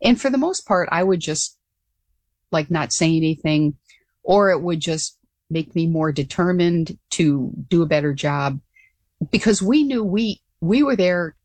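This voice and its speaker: An older woman being interviewed as a guest, telling her story in an earnest, animated way with frequent restarts. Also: on the low side, a little slow, no echo. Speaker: guest, former pilot.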